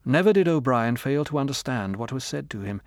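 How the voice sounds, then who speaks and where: A man narrating an audiobook with measured, grave storytelling. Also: mid-range voice, dry recording, studio quality. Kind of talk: scripted narration.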